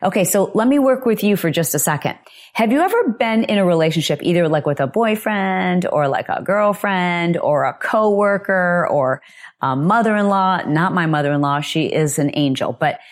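A woman hosting a casual solo podcast, talking in a chatty, expressive way with lots of "like" fillers. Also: fairly low pitch, moderate pace. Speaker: podcast host.

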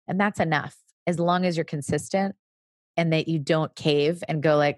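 A woman's voice: low-pitched, steady tone, normal speed, no room sound, studio quality. A woman speaking as the expert guest in a conversational interview, explaining patiently and now and then acting out what a parent might say. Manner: explanatory, briefly acts out parent and child lines. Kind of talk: casual chat.

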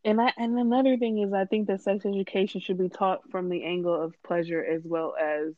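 A woman who is a guest on a podcast, chatting in an animated, joking way and swearing freely. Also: mid-range voice, brisk, no room sound. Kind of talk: casual chat. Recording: muffled dry podcast audio.

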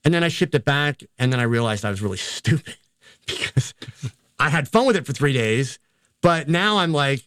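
A man's voice: on the high side, expressive, normal speed, a bit bright, no room sound. Self-deprecating older man, dry sound. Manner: rambling and self-deprecating, quotes himself. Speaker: photographer and educator. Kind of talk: casual interview storytelling.

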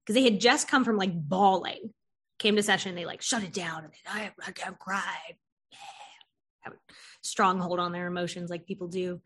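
A woman's voice: lowish voice, steady tone, brisk, a bit bright, slightly rough. A woman hosting an interview, chatting casually and animatedly telling stories about her therapy clients, acting out their lines and laughing often. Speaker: podcast host and therapist.

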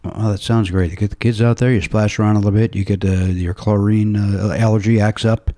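A man hosting a casual podcast chat, jokey and animated, often jumping up in pitch for bits. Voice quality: animated, jokey, quick delivery with sudden high pitch jumps. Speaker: podcast host.

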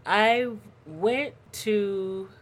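A woman's voice: mid-range voice, very slow. A woman chatting casually, telling family stories with lots of laughter and acted-out quotes. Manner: animated storyteller, acts out quotes, laughs often. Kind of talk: casual chat.

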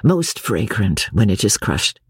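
A woman's voice: rumbling low, very animated, a little slow, slightly rough, no echo, studio quality, exaggerated voice. A woman doing a teasing society lady. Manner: light, teasing, gay. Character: witty, mischievous young society lady.

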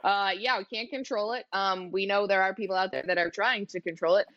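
A woman's voice: mid-range voice, fairly even intonation, brisk, over a noisy crowd. A woman hosting a casual interview show, bubbly and giggly with plenty of fillers. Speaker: podcast host. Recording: dull dry sound.

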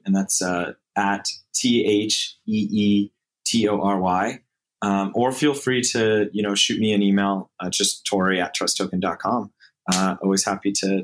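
Low-voiced man talking haltingly. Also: poor audio. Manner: hesitant, many fillers and restarts. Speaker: interview guest, startup co-founder. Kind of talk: casual interview talk.

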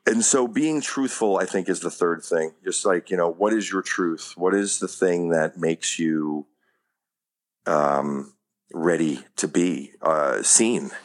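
A man's voice: low voice, slow pace. A man talking as an acting coach in a casual interview, rambling with lots of "you know what I mean" and casual swearing.

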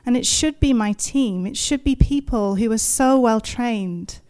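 A woman's voice: a little high, unhurried, darkish tone, smooth. Woman telling a vivid true story. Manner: vivid, self-deprecating, present-tense narration with laughs. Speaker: neuroscientist telling a personal story. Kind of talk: first-person storytelling to an audience.

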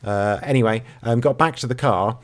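A man co-hosting a podcast, telling a story with dry, deadpan humour in a relaxed, rambling way. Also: mid-range voice, normal speed. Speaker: podcast co-host. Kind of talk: casual chat.

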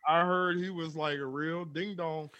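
A man's voice: a little high, fairly even intonation, measured pace, dull audio, a loud crowd. A man co-hosting a podcast, laid-back and giggly, with slangy fillers during casual banter. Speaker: podcast co-host.

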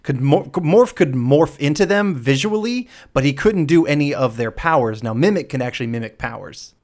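A man's voice: on the high side, lively intonation, normal speed, darkish tone. A man hosting a podcast, chatting casually and jokingly, often laughing and rambling. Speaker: podcast host.

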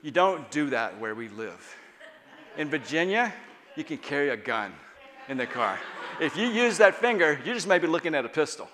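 A man preaching a sermon at a conference, animated, moving between loud emphatic passages and hushed, quiet ones. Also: on the high side, moderate pace. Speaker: guest speaker. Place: church hall at a conference. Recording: long reverb of a large hall.

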